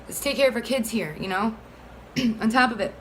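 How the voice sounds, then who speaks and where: A woman's voice: on the high side, brisk, fairly bright tone, slight background noise, rough recording. A woman speaking as a single mother, pleading earnestly for support of a bill in a rambling, heated way full of fillers. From Florida. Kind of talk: casual advocacy monologue.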